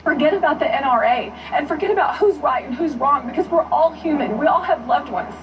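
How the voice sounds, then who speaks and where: A woman's voice: high-pitched, animated, fairly quick, dull audio, slight background noise. A woman pleading tearfully as a guest in a televised news interview. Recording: distant television broadcast audio.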